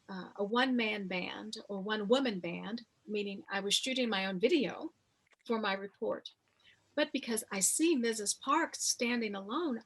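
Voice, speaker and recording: A woman in her fifties, an author interviewed about her memoir, telling her story slowly and reflectively with many pauses. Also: on the high side, a bit bright, husky. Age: 50s.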